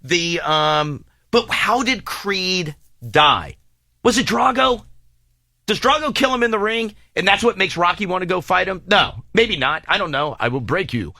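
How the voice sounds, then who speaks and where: A man hosting a morning radio show, bantering excitedly and joking with his co-hosts. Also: high voice, a little slow, vocal fry, no room sound, clean studio sound. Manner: animated, excitable, jokey. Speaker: radio host. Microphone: studio microphone.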